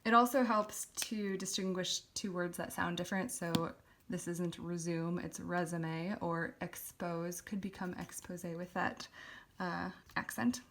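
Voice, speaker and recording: A woman with a fairly low voice walks through a calligraphy lesson. She explains each stroke patiently and pauses now and then on an "um" as she works. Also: steady tone, a bit bright. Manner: patient, explanatory, with frequent fillers. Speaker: calligraphy teacher. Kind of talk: step-by-step tutorial explanation.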